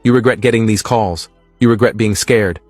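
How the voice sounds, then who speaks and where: A man voicing the ghost of a drowned girl, speaking low, quiet and reproachfully in a read horror story. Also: fairly even intonation, moderate pace, no echo, soft background music, lightly acted. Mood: accusing.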